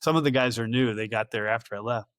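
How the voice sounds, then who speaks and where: A middle-aged man spins long, rambling stories as a podcast guest, slipping into quoted back-and-forth and chuckling along the way. His voice sits at an ordinary pitch for a man. The recording is close and dry, with no room sound. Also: fast, a bit bright, no room sound. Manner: rambling anecdotes with acted-out quoted dialogue, laughing often. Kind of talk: casual storytelling interview.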